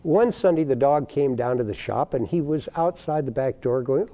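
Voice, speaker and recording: An older man spins a folksy tale with a lively, swooping voice that rises high when he gets excited. His tone is dark and mellow. He acts out the people in his stories as he goes. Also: a little fast, hardly any pauses. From United States. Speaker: guest, baker. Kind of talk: storytelling in a TV interview.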